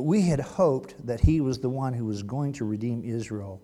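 A male pastor preaching a sermon, reading scripture aloud and acting out its people in animated bursts. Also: mid-range voice, normal speed, few pauses, big-room sound.

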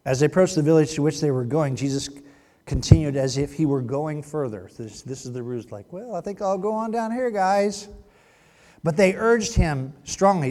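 Animated man preaching in an echoey hall. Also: on the high side, normal speed. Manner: animated, reads scripture and acts out the people in it. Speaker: pastor. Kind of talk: sermon.

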